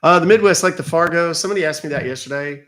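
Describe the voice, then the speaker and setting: A man's voice: fairly high pitch, rapid-fire, fairly bright tone. A middle-aged man from Texas, hosting a live stream in casual, joking, profane and rambling chat.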